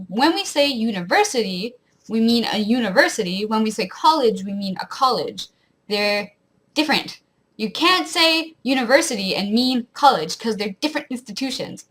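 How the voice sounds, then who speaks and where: A young woman from rural Ontario with a Canadian accent, chatting casually and animatedly in a home vlog. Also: on the high side. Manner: chatty, animated, self-deprecating. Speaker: vlogger.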